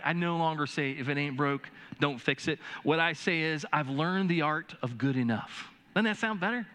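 A man in his fifties tells humorous family stories in a folksy, rambling way, full of asides. His voice sits a bit high and sounds bright and forceful. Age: 50s. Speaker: speaker. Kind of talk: storytelling talk.

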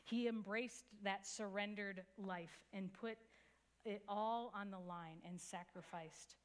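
A woman pastor delivers a sermon in an earnest, storytelling voice. Her pitch sits in a middle range, and she speaks in a conversational, down-to-earth way. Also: steady tone, slow, clear, resonant tone. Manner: earnest storytelling with a few soft laughs.

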